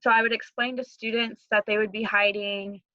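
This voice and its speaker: Flat-voiced woman explaining a lesson plan. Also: medium pitch, moderate pace, no echo. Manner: plain, steady explanation with fillers. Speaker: student teacher presenting a lesson plan. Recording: dry, dull lo-fi recording.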